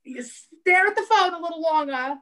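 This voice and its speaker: A woman's voice: extremely high pitch, expressive, moderate pace, bright, forceful tone. Woman, New York accent, thirties, blunt, swears, podcast guest chat. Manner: blunt, swears freely, jokey. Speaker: guest author.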